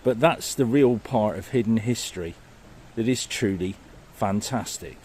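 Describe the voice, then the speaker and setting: A man narrates a walking history vlog outdoors by a river and woodland path, enthusiastic and marvelling at what he sees. His voice is lowish, unhurried, a little mellow and slightly rough.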